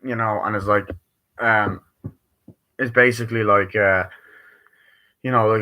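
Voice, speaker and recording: A man rambling through a casual live-stream movie review, swearing constantly and breaking into quick bits of acted-out dialogue. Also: lowish voice, fairly even intonation, pushed and bright. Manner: acts out dialogue in quick bursts.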